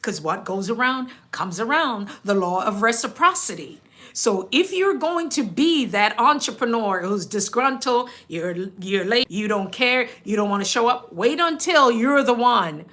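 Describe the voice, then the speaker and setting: A woman's voice: a little high, expressive, measured pace, fairly bright tone. A woman hosting a casual livestream as a business coach, chatting to viewers, reading out their comments and laughing often.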